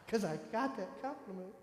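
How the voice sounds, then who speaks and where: Fifties man from northern Michigan, lively storyteller who acts out others' voices; fairly high voice, long church reverb. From northern Michigan, USA. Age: 50s. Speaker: guest speaker at a church service. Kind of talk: personal testimony. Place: church sanctuary. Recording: echoey hall with long reverb.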